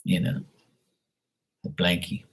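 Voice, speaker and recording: A man's voice: slow, fairly bright tone. A man chatting casually to his viewers by name on a late-night livestream, rambling and teasing. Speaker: livestream host reading paid questions.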